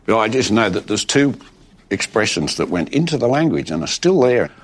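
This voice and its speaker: A man with an Australian accent, recalling his career in a relaxed, self-deprecating interview. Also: fairly low pitch, normal speed, husky.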